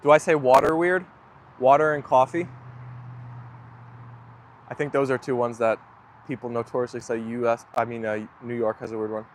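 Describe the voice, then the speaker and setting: A man's voice: mid-range voice, steady tone, quick pace, a little hiss or hum. A man livestreaming from his phone on a rainy outdoor walk with his dogs, chatting to viewers in a rambling, self-deprecating way. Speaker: dog owner livestreaming to viewers. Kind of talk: casual live chat.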